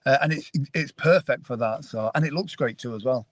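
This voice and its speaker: A man's voice: mid-range voice, fairly quick, dry recording. A British man joining a video call from his parked car as a guest, talking with gushing enthusiasm. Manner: enthusiastic and effusive. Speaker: guest, author of the foreword. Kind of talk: casual video call chat.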